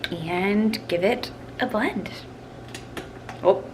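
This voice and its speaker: A woman's voice: medium pitch, drawn-out words. Chatty young woman rambling in a kitchen. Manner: chatty, rambling, filler-heavy. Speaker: vlogger. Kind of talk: casual kitchen vlog chat. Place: home kitchen. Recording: noisy home recording.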